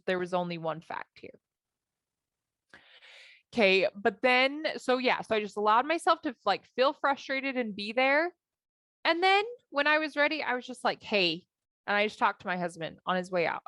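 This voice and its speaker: A woman life coach speaking in a lively, chatty way and acting out her own inner thoughts as she tells a story. Her pitch sits in a middle range. The sound is close and dry, with almost no room echo. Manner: animated, acts out her own thoughts in quotes. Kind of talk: coaching talk with personal story.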